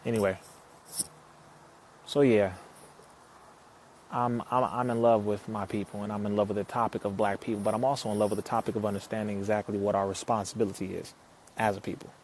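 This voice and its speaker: A man's voice: lowish voice, little pitch movement, brisk, long pauses, a little mellow, a little hiss or hum. A man hosting a casual live stream, talking straight to viewers in an emphatic way, repeating lines for effect and answering comments as they come in.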